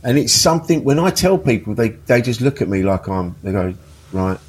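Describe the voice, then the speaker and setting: A man's voice: medium pitch, sing-song, brisk, husky. A man, a podcast guest telling funny stories in casual chat, laughing often and swearing freely. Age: 50s. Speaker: interview guest.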